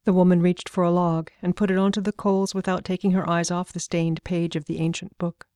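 Low, mellow woman narrating a story. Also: flat delivery, brisk, no room sound, studio quality.

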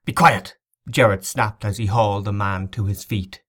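A man narrating an audiobook novel in a measured, dramatic reading. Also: on the low side, flat delivery.

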